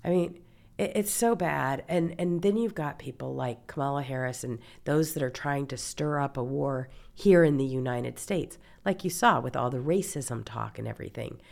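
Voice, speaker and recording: A woman's voice: a bass voice, moderate pace, creaky, darkish tone. A woman from Mississippi hosting a political talk show, indignant and exasperated. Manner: indignant, exasperated, reads quotes aloud. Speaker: host.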